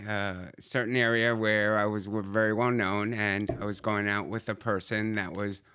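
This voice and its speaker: A man's voice: lowish voice, level tone, moderate pace, bright, forceful tone, clean tone. A man telling a funny personal story in a casual chat. He laughs often and slips into Spanish now and then. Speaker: guest.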